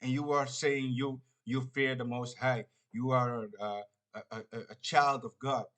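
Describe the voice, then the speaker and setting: Halting preacher man saying "man" a lot. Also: mid-range voice, steady tone, fairly bright tone. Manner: says "man" constantly, halting with many restarts and fillers. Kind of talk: informal preaching monologue.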